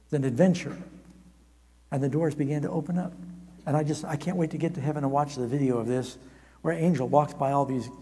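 A man preaching a storytelling sermon at a camp meeting, animated and humorous with quick asides, in a large hall. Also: on the high side, slightly rough. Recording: long reverb of a large hall.

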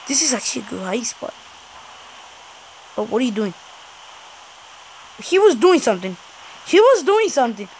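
A woman gamer giving excitable let's play commentary, swearing, yelping and muttering at the game. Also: fairly high pitch, normal speed, pauses often, slight background noise, poor audio.

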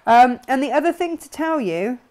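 A woman's voice: sits high, animated, moderate pace, a little mellow. Bubbly chatty woman host. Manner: bubbly, chatty, laughs often. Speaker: host of a craft shop live stream. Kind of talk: chatty live stream, reading out viewer comments.

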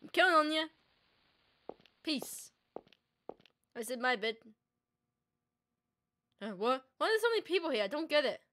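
A woman's voice: sits high, sing-song, normal speed, long pauses, pushed and bright, slight background noise. A young woman playing a game on video, chatting, reacting and reading the characters' lines aloud. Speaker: let's play gamer. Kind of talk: casual gameplay commentary reading dialogue aloud.

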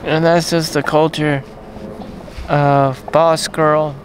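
A man vlogging in a rambling, profane monologue full of fillers and trailing pauses. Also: a little high, little pitch movement, a little hiss or hum.

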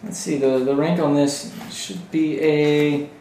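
A man narrating as game master of a tabletop role-playing game, deliberate and thinking aloud. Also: a little high, steady tone, dark tone. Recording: roomy room, distant mic.

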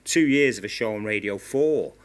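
A man in his fifties with a Manchester accent, a former TV presenter telling candid stories at a live Q&A, talking quickly and full of "you know" and restarts. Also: fairly low pitch. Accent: Northern English, Manchester. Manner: rapid, repeats 'you know' often, restarts. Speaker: former TV presenter, panel guest. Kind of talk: candid anecdotal talk at a live Q&A. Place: stage at a live film-institute Q&A event.

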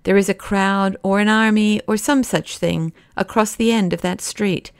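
A man's voice: sits high, fairly even intonation, moderate pace, smooth, dry recording, studio quality. Woman reading a grave, earnest young man.

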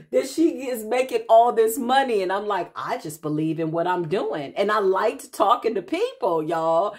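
A woman giving a casual spiritual reading, telling stories in an animated, chatty way and calling her listeners child and honey. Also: mid-range voice. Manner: quick asides and restarts, laughs at herself. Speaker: intuitive spiritual reader.

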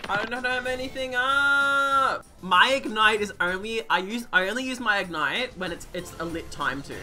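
A young woman in her twenties streaming a game, swinging from low muttered commentary to shrieking apologies. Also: normal speed, sharp tone, faint music behind. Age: 20s. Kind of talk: live gameplay commentary.

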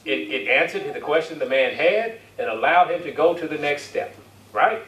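Here a preacher speaks at normal speed in a higher, fairly bright voice, asking his flock for amens and reading scripture in King James language. Faint hiss and a distant microphone pick him up in an echoing church hall.

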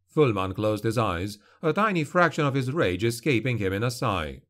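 A man reading a dark fantasy novel aloud in measured, dramatic narration. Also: lowish voice, lively intonation. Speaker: audiobook narrator.

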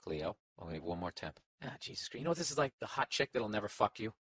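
A man's voice: fairly low pitch, sing-song, quick pace, fairly bright tone, slight background noise. A middle-aged man with a Boston accent, rambling through a profane, sarcastic comic monologue as a podcast host. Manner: profane, sarcastic, talks to his dog.

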